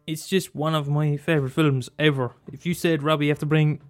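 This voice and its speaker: Animated swearing man, film chat. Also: fairly quick, soft background music. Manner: animated, swears freely, bursts into high exclaims.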